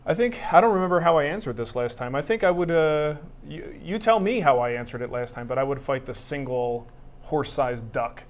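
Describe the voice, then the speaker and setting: A man's voice: fairly high pitch, lively intonation, a little fast. A middle-aged man co-hosting a woodworking live show, chatty, joking and self-mocking. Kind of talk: casual live-stream banter.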